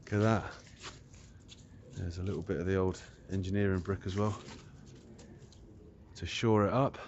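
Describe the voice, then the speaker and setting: Low-voiced male vlog host, curious and chatty, recorded outdoors on a camera with dull audio. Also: steady tone, moderate pace, a little mellow, slight background noise. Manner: curious, thinks aloud about old railway features. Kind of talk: casual walking commentary. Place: outdoors on a rural old railway trackbed.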